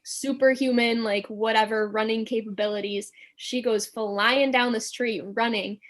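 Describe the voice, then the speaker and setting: Young female guest with a slightly high pitch, animated storyteller who acts out the dialogue. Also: a little slow. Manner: animated, acts out quotes, many "like" fillers. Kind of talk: casual storytelling.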